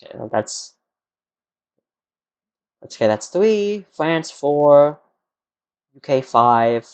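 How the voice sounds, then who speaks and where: Young male streamer, tired and unhurried, mutters to himself at his desk mic. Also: fairly high pitch, big pitch swings, a little mellow, smooth. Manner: rambling, muttering to himself, answering chat questions. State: tired, yawning. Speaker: live streamer. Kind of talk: casual live-stream chat while working.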